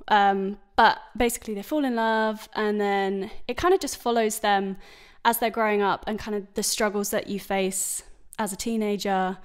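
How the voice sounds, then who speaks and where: A woman's voice: medium pitch, clean tone. A young woman from England, a podcast guest, chatting casually with lots of fillers and giggles. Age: young adult. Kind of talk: casual chat.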